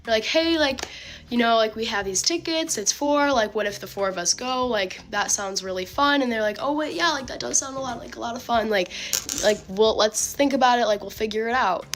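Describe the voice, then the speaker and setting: A young woman casually telling a personal dating story, chatty and animated, full of filler words. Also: on the high side, a little fast.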